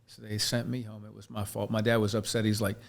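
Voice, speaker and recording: A man's voice: fairly low pitch, level tone, fast talker, gravelly. A man from Pennsylvania, a chiropractor and podcast guest, telling his life story in an earnest, reflective way with frequent restarts. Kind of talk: candid personal storytelling in a podcast interview.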